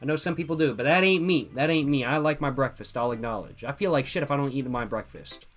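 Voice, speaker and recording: A man giving loud, joking, profane commentary as a gaming streamer playing a game. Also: mid-range voice, fast talker, soft background music. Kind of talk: casual let's-play commentary.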